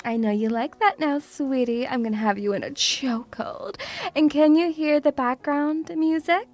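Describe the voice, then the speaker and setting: A woman's voice: sits high, moderate pace, darkish tone, soft background music. A woman streaming casually, bubbly and teasing, calling her viewers pet names. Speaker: VTuber streamer.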